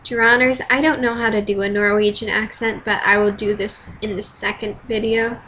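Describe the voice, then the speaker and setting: A woman's voice: medium pitch, little pitch movement, moderate pace, pushed and bright, a little hiss or hum, low-quality recording. A teenage girl vlogging casually, rambling through fan dares with self-deprecating asides and casual swearing, filmed at home on a webcam.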